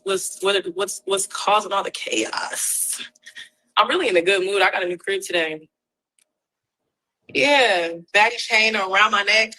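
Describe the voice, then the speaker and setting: A young woman rants into her phone on a livestream, defiant and swearing freely. Her voice sits high and sounds bright and forceful. She keeps circling back to the same blunt phrases. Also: rough recording. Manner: defiant, profane, repeats "straight up". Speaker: reality TV personality on a livestream. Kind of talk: ranting livestream.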